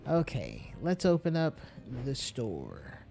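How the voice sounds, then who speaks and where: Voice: mid-range voice, huge pitch swings, takes it slowly, gravelly, mellow. A streamer giving casual, wry commentary while playing, reading item names aloud. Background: faint game music.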